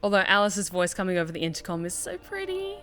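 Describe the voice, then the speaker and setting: A woman streaming a video game with casual, excitable commentary, often exclaiming and swearing. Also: medium pitch, fast, soft background music.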